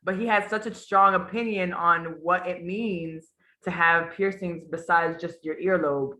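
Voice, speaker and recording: A woman student sharing personal stories in a class discussion, animated and acting out the voices of the people she quotes. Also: on the low side, a little slow.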